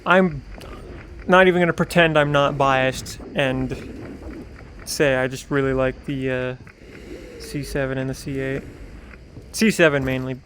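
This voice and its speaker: A man's voice: mid-range voice, steady tone, unhurried, pauses often, a bit bright, slight background noise. A young man, streaming a VR game and rambling to himself and his chat, often muttering under his breath. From Canada. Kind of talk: casual gameplay commentary.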